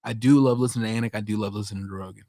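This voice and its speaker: Male podcast co-host, animated and profane, dry close-mic sound. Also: on the low side, rapid-fire, no room sound. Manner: animated, swearing, does mock voices when quoting. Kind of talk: casual chat.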